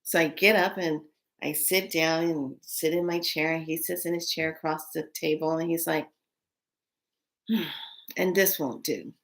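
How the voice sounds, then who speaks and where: A woman telling a spiritual story in casual, animated speech with many fillers, acting out quoted voices. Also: deep voice, a little slow, long pauses.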